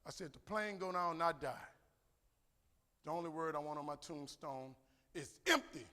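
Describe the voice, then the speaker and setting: New guy on stage in a big echoey hall, preachy storyteller, bright ringing voice. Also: a little high, normal speed. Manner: animated, preacherly, acts out both sides of a dialogue. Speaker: keynote speaker. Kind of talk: motivational keynote with storytelling. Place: large conference hall. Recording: echoey hall with long reverb.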